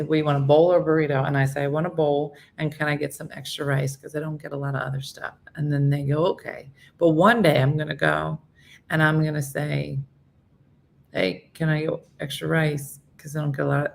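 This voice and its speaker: A woman's voice: low voice, level tone, a little fast, vocal fry, slight background noise. A middle-aged woman hosting a morning show, chatting in a casual, self-mocking way and acting out quotes. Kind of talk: casual comedic monologue chatting with live viewers.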